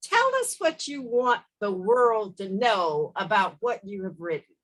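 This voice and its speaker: A woman hosting an interview, asking her guest questions in a deliberate, measured way. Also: mid-range voice, very animated, a bit bright, low-quality recording. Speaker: interview host.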